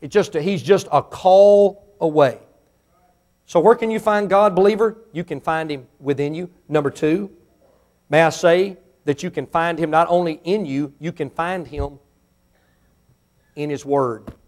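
A man preaching a sermon as pastor in a church, with sudden swells in pitch and volume, acting out questions from imagined listeners. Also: measured pace, a little mellow.

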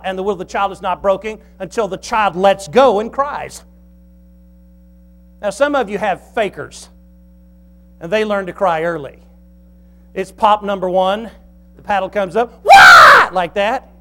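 A male pastor delivers an animated, folksy sermon. His voice sits high for a man and swings from quiet asides to loud, pressing emphasis. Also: normal speed.

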